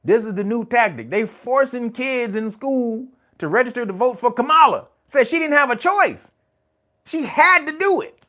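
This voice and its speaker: A man's voice: extremely high pitch, expressive, moderate pace, pushed and bright. A man hosting his own channel, giving casual, profane commentary and laughing often as he tells stories. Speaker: channel host.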